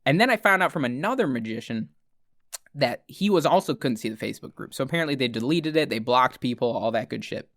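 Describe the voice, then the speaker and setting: A young man hosting a podcast, telling a story in a casual, animated way, swearing often and acting out what others said. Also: mid-range voice, quick pace, gravelly, no room sound, studio quality. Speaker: podcast host.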